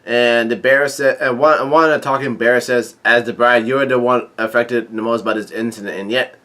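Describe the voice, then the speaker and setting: A man reading a manga chapter aloud in a casual, halting way, with many fillers and restarts, voicing the lines and adding his own comments. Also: mid-range voice, fairly even intonation, pushed and bright. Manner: reads dialogue aloud with light commentary. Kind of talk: casual manga read-through.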